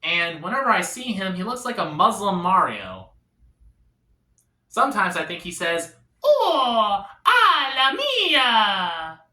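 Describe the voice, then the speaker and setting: Bright-voiced man doing awkward stand-up. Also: high voice, very animated, moderate pace, long pauses, echoey room. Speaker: stand-up comedian. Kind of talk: stand-up comedy set.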